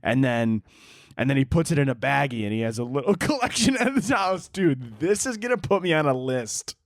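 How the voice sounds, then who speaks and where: A man's voice: mid-range voice, expressive, fairly quick, no echo, clean studio sound. A young man hosting his own comedy podcast, rambling alone through crude, self-mocking banter. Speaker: podcast host. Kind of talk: solo comedic podcast rant.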